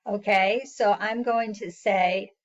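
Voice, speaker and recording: Patient woman teacher leading a slow phonics lesson for kids, slightly dull recording. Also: medium pitch, steady tone. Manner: slow, patient, sounds out words and praises often. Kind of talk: phonics lesson for young children.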